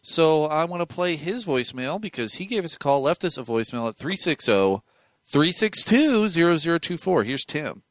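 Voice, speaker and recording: A man co-hosting a podcast in casual chat, animated and rambling with fillers and laughs. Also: a little high, moderate pace, no echo. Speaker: podcast co-host.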